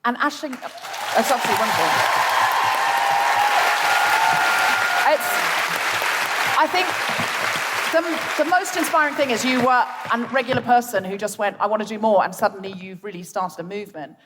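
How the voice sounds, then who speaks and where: A fairly high-voiced woman hosting a live theatre show, encouraging and appreciative as she interviews her guests. A loud audience fills the space around her. Heavy noise sits over the whole recording. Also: moderate pace, long pauses, big-room sound, a loud crowd. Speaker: host. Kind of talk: onstage interviewing.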